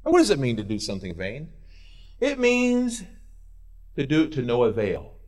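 A male pastor preaching a sermon in a church, swinging between loud urging and quiet intensity. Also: mid-range voice, wildly swooping pitch, moderate pace.

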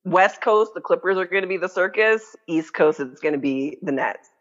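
A woman's voice: on the low side, expressive, moderate pace. Canadian woman ranting about sports, opinionated, lots of likes, muffled lo-fi sound. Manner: opinionated, emphatic, lots of "like" fillers. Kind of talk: casual sports chat. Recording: dull lo-fi audio.

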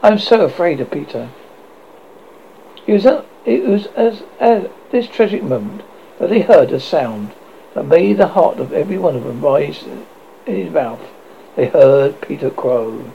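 Storybook narrator, halting read, dull lo-fi recording with faint hiss. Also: mid-range voice, sing-song, vocal fry. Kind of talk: storybook reading.

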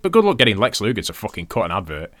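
Low-voiced British man, dry close sound. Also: huge pitch swings, rapid-fire, a bit bright, no echo. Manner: laughs often, swears casually. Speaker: podcast co-host. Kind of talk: casual chat.

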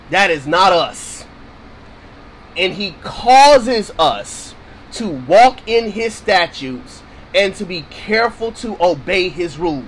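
A man's voice: high voice, big pitch swings, slow, breathy edge, low-quality recording. A man preaching on scripture in a casual, emphatic way, repeating his points to drive them home. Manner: casual, informal phrasing. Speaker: Bible teacher.

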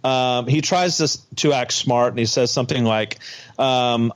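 A man co-hosting a casual podcast chat, retelling a reality show in an animated way and acting out the quotes. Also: mid-range voice, moderate pace. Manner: animated storytelling, acts out quotes. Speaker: podcast co-host.

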